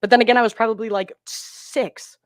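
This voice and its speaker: A woman guest on a movie podcast, telling stories in an animated, excitable way. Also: fairly high pitch, a little fast, no echo, studio quality. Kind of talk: casual podcast chat.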